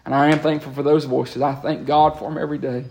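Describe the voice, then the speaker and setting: Animated pastor preaching. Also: male voice, a little high, gravelly, a little hiss or hum. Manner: animated preaching with call-and-response, quick asides and repeated words. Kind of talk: sermon. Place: church sanctuary.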